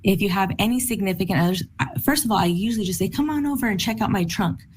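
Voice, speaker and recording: A woman teaching a sales training session in a lively, enthusiastic, bubbly way, often with a laugh. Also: medium pitch, quick pace, a little hiss or hum.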